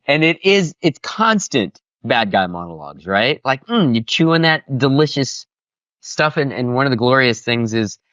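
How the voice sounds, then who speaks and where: A man, a voice actor guest, chatting casually and enthusiastically in an interview, with animated, expressive delivery. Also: medium pitch, moderate pace, no echo, lo-fi sound.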